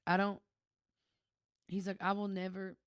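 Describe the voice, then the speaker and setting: A woman's voice: medium pitch, little pitch movement, unhurried, smooth, no echo, studio quality. A young woman co-hosting a podcast, telling a story in casual chat and laughing often. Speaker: podcast co-host.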